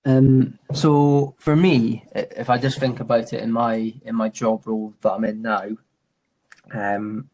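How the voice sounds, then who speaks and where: A man's voice: medium pitch, flat delivery, unhurried, a little mellow. A man in his thirties, an outdoor instructor, talking casually and reflectively in an interview, saying "mate" a lot. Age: 30s. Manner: chatty, says "mate" often, restarts and fillers. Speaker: mountain and adventure training instructor.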